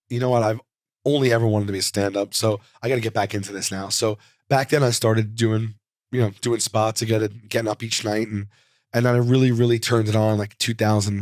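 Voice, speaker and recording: A man in his forties, a comedian guest in an interview, telling stories in an animated, rambling way full of fillers and restarts. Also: fairly low pitch, no echo, studio quality. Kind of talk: casual interview storytelling. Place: studio.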